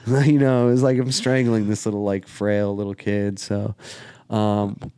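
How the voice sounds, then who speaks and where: A man's voice: lowish voice, level tone, measured pace, warm tone, clear, resonant tone, dry recording, clean studio sound. Laid-back slangy man telling stories. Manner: laid-back slangy storyteller, heavy swearing and fillers. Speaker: podcast guest. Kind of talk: casual storytelling.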